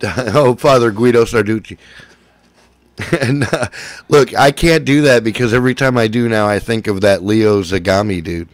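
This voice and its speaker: A man's voice: on the low side, normal speed, dry recording. A man chatting casually as a show host, laid-back and swearing, smoking and coughing between remarks. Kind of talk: casual chat.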